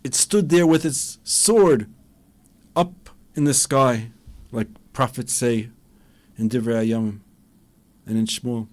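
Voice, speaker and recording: A man's voice: medium pitch, slow pace, pauses often, a little mellow. A man, a rabbi, giving an impassioned Torah lecture and acting out dialogues with a rising voice.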